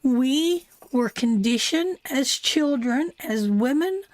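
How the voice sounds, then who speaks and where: An older woman from Newfoundland, Canada, hosts a live tarot stream in her Newfoundland accent, casually and lovingly calling viewers darling and sweetheart. Her high, darkish voice is expressive and slow. The recording carries no room sound.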